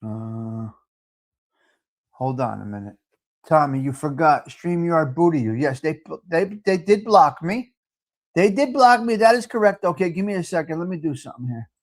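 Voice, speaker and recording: Loud chatty guy hosting a live stream, kinda high voice, calls out viewers by name. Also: expressive, moderate pace. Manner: brash, talkative, mixes in Italian phrases. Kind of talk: casual live stream chat, reading viewer comments.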